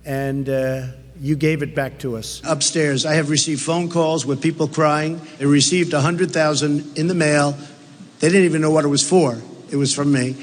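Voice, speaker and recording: A man giving campaign rally speeches, telling boastful stories in repetitive, punchy short phrases. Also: a little high. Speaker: president speaking at rallies and events. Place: large rally halls and arenas. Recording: long reverb of large rally venues.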